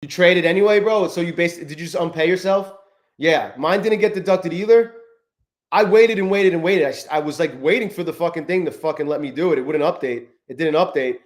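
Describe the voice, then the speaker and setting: Profane, fired-up livestreaming trader man. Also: fairly high pitch. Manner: profane, self-berating, greets chat users by name. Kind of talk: live-stream chat while trading.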